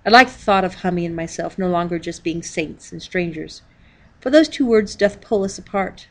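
A woman reading a diary-style children's book aloud, calling out the page numbers as she goes. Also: lowish voice. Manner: reads page numbers aloud, measured storytelling. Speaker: reader.

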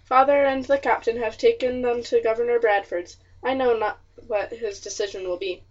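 A woman's voice: fairly high pitch, fairly even intonation, moderate pace, highs cut off, natural voice. A woman reading the part of a blunt, matter-of-fact young colonial man who tells the news with some satisfaction. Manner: blunt, matter-of-fact, old-fashioned speech.

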